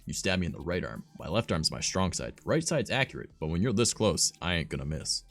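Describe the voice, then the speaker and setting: A man's voice: sits low, big pitch swings, fairly quick, a bit bright, no room sound. A young man hosting a livestream, telling stories in a rambling, profane, filler-heavy casual way. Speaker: streamer host.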